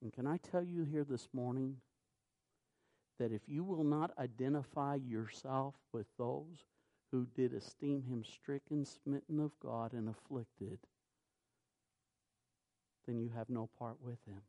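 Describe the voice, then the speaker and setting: A man preaching a sermon, reading scripture in a measured cadence and rising to loud, emphatic peaks. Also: medium pitch.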